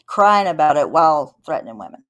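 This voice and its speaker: A woman's voice: deep voice, very animated, quick pace, fairly bright tone. A woman from the co-hosting a casual reaction chat, indignant, swearing, with apologetic asides. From American South.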